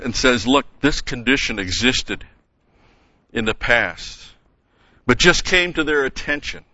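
A man teaching a verse-by-verse Bible lesson, methodical, explaining grammar and pausing with "okay?" and "uh". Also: on the low side, sharp tone, no room sound, lo-fi sound.

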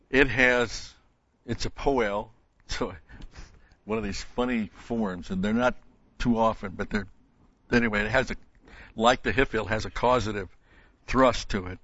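A man's voice: mid-range voice, fairly bright tone. A man delivering an expository sermon as a Bible teacher, stressing points by repeating key words. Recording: dull, dry lo-fi recording.

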